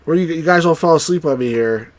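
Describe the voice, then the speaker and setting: A man from New Jersey chatting wryly through a live game stream, now and then cheering out loud. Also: fairly high pitch, quick pace, no echo. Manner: chatty, wry, bursts into excited cheers. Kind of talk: live let's-play commentary.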